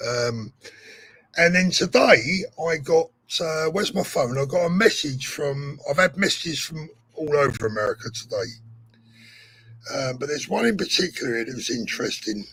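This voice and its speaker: A man's voice: a little high, expressive, moderate pace, fairly bright tone, husky, no echo. A male host chatting on a live stream, earnest, telling his news in short bursts. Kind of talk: casual live-stream chat.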